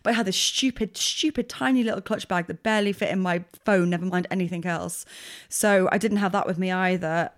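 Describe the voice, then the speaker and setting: A woman's voice: lowish voice, fairly even intonation, a little fast. A woman co-hosting a podcast, telling a story in a rambling way with lots of fillers. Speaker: podcast co-host. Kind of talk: casual chat.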